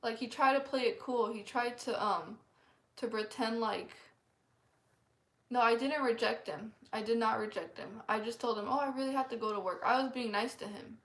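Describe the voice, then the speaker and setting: Woman telling her testimony, kinda high voice, rambly, lots of likes, roomy echo. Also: fairly even intonation, normal speed, a bit bright. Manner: earnest, rambling, lots of "like" fillers. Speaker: vlogger sharing a testimony. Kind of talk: casual spoken testimony. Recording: echoey room.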